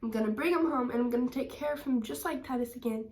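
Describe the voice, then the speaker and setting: A young woman chats to camera, gushing and filling her story with "like" and "um". Her voice sits a little high, and she sounds a bit away from the mic in an echoey room. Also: quick pace, few pauses, darkish tone, distant mic. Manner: chatty and gushing, many "like" and "um" fillers. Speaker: reptile vlogger.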